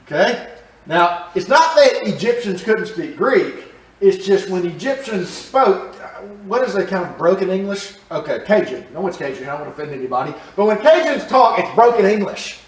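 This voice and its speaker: A man's voice: high voice, animated, normal speed. A man teaching a church Bible study class, talking conversationally and quizzing his listeners as he explains the passage. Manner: conversational, asks the class questions. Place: church room. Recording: roomy, from a distance.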